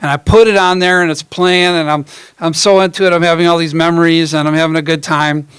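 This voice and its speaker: A man's voice: fairly high pitch, flat delivery, fast talker, fairly bright tone, clear, resonant tone, no room sound. A middle-aged man and ukulele performer telling rambling, self-mocking stories between songs on a coffee house stage. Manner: chatty, rambling, self-mocking, many fillers. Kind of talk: storytelling stage banter.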